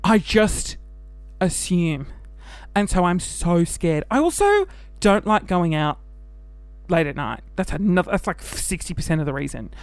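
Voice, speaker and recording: With a smooth voice that sits high and no room sound, this Australian podcast host chats away on his own show. He's animated and camp, laughing often and slipping into quick mock voices.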